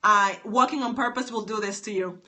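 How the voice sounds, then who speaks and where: A woman's voice: mid-range voice, brisk, sharp tone. A woman hosting a live phone stream, chatting upbeat with viewers by name and repeating herself often. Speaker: stylist and author hosting a livestream.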